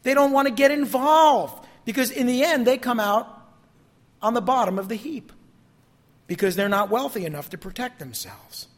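A man preaching a sermon, reading scripture expressively and explaining it, his voice lifting on quoted verses and dropping low on conclusions. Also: expressive, moderate pace. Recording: long reverb in a large hall.

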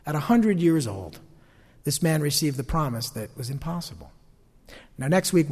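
A male pastor preaching a sermon in a lively, animated way, acting out the voices he quotes. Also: on the high side. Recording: long hall reverb.

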